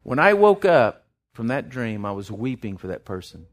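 A man preaching a sermon, impassioned, rising loud then dropping soft, often restarting his words. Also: medium pitch, big pitch swings, normal speed.

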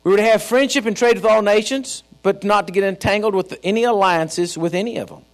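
A man's voice: high voice, brisk. A man with a Texan accent, preaching a sermon to his church in a folksy, emphatic storytelling manner. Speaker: pastor.

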